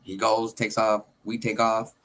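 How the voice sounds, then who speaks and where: A man's voice: lowish voice, monotone, a little slow, a bit bright, a little hiss or hum. A man telling a story casually, in loose, streetwise talk that swears and acts out what people said.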